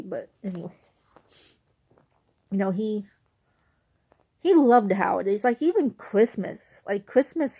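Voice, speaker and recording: A woman speaking in a relaxed, reminiscing monologue for her vlog. She rambles, backtracks and restarts her sentences, and her voice sits at an ordinary middle pitch for a woman. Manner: rambling, with many restarts and asides. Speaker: vlogger.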